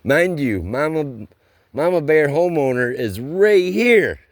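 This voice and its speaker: Slow and rambling, a man shares a casual story from his roofing job, using plain everyday slang. His voice sits a little high with big swings in pitch, and there's no room sound.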